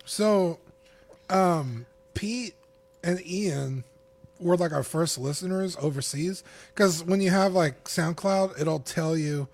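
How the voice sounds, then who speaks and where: A man talking casually as a podcast guest, telling stories in a chatty, animated way. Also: a little high, slow pace. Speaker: podcast guest and network co-creator.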